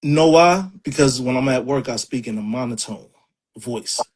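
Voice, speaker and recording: A man's voice: mid-range voice, fairly quick, background noise. A man with a New York accent, a poet, talking casually in an interview with lots of streetwise slang and laughter. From Harlem, New York.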